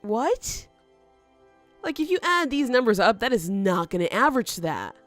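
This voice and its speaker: A woman talks through her gameplay in a chatty, animated way, her pitch bouncing up and down. She argues with the game as if it could hear her and laughs easily. Soft music plays faintly underneath. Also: normal speed, no echo. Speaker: let's play host. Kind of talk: gameplay commentary.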